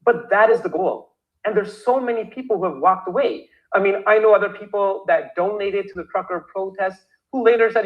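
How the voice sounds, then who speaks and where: A man from Canada, a lawyer talking as a podcast guest, animated and acting out the voices he quotes, often restarting his sentences. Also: sits high, normal speed, dull audio. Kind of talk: podcast interview conversation.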